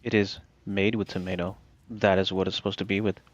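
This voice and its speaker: A man's voice: sits low, level tone, brisk, no echo, highs cut off. A man playing with friends, directing the group and swearing casually. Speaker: co-player. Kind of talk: casual gaming chat.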